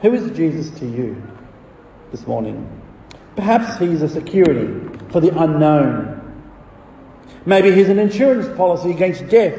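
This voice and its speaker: A man's voice: on the high side, animated, normal speed, long pauses, dark tone, distant mic, slight background noise. Man preaching in an echoey hall. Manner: rhetorical questions, swelling emphasis on key phrases. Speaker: pastor. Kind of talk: sermon.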